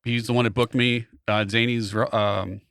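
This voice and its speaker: A man's voice: mid-range voice, moderate pace, vocal fry, clear, resonant tone, no room sound, studio quality. A man co-hosting a podcast, a comedian telling a story in casual chat, acting out the quotes. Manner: animated, acts out quotes in other voices.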